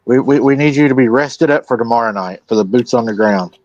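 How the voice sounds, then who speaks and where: A man hosting a live stream in a relaxed way, retelling a witness's account and quoting his words. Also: mid-range voice, a little fast, no room sound, muffled recording. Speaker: host.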